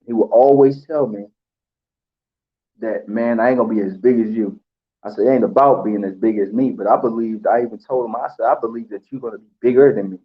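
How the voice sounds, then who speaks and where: A man giving an emotional tribute, halting with pauses and fillers as he holds back tears. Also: lowish voice, phone-quality sound. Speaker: channel host.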